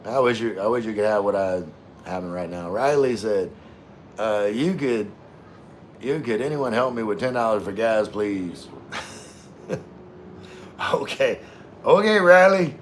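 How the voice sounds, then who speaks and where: A man's voice: on the low side, a little slow, long pauses, slight background noise. A man hosting a casual live stream, reading viewer comments aloud in an easygoing way with frequent laughs. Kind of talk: casual livestream chat.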